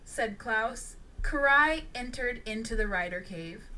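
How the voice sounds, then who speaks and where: A woman reading a storybook aloud as the narrator, in a slow, animated way. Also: on the high side. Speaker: audiobook narrator.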